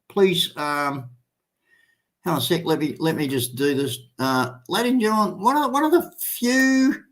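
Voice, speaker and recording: A man's voice: on the high side, fairly bright tone. An Australian man in his sixties hosting a live stream in casual chat. He rambles, swears freely and fills with lots of ums. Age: 60s. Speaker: livestream host.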